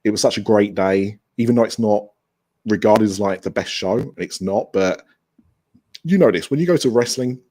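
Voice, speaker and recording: Low-voiced man chatting on a video call. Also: moderate pace, warm tone. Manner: enthusiastic, rambling with restarts. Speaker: podcast guest. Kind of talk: casual remote interview chat.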